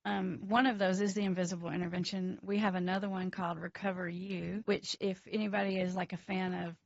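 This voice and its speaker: A woman with a gravelly, creaky voice speaks as an addiction counselor guest, animated and emphatic. The sound is dry and a bit dull, like lo-fi remote audio. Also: lowish voice, fairly quick, no room sound. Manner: animated, emphatic, laughs between points. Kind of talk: casual interview chat.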